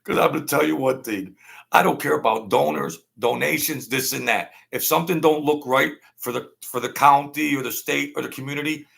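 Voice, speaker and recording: A man with a deeply gravelly, fry-laden voice hosts a casual livestream rant. He talks bluntly in slang, rambles and trips over his words, at an ordinary mid pitch. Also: brisk, a bit bright. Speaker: livestream host.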